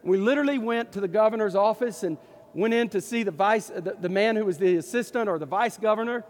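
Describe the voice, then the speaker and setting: A man from East Texas with an East Texas accent, a pastor telling a story in a folksy, animated sermon. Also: sits high, fast, big-room sound. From East Texas, USA.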